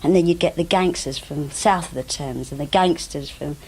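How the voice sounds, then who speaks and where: An older woman telling lively stories about her stage career, often acting out the voices of other people. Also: deep voice, moderate pace, husky, poor audio. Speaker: interviewee, actress recalling her career. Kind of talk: anecdotal reminiscing. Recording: old VHS broadcast tape.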